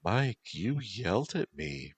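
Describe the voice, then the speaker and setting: A man voicing a winged female yokai with a high, whistling, wheedling voice. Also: big pitch swings, slow, breathy edge, exaggerated voice. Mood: hurt.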